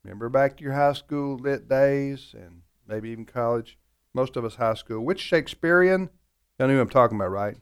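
A man's voice: mid-range voice, moderate pace, smooth. A man hosting a radio trivia show, talking in a joking, rambling, self-deprecating way in a studio. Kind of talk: casual radio trivia banter.

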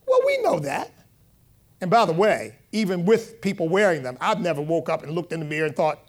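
A high-voiced man preaches to his congregation in an easy, talking style. He stops to ask for amens, and his voice jumps up and gets loud whenever he acts out what other people said. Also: brisk. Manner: conversational preaching with call-and-response amens; animated, rising loud when quoting. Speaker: pastor. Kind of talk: sermon.

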